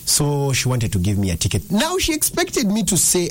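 Young man, drive-time radio host, husky voice, swings his pitch all over as he tells stories. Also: moderate pace. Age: young adult. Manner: chatty storytelling, animated pitch swings. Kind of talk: casual radio talk. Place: radio studio.

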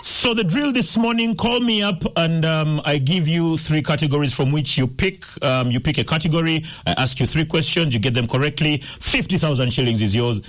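A man hosting a breakfast radio quiz, taking calls and teasing the callers in a lively, playful way. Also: on the high side, moderate pace, hardly any pauses. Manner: lively, teasing, switches into Luganda. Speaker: radio breakfast show host. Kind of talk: morning radio quiz call-in. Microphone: studio microphone.

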